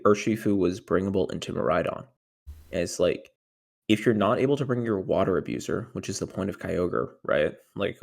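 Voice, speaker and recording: Speaking in a low-pitched, creaky voice, the tournament winner rambles casually through an interview about his run. He's young, leans on fillers, and livens up when describing the moments he panicked.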